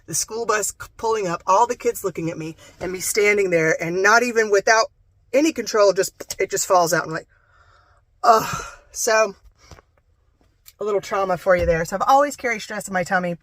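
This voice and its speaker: A young van-life vlogger from North Carolina, who lives in a camper van, rambles candidly through a personal story. Her medium-pitched voice is a bit bright and a little fast, with no echo.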